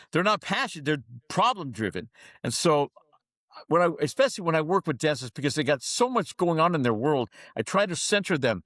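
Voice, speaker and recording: A man's voice: a little high, very animated, brisk, fairly bright tone, no room sound. A man who coaches and speaks to dentists, telling stories in a podcast interview with an emphatic, preacher-like cadence and acting out the voices of the people in his stories.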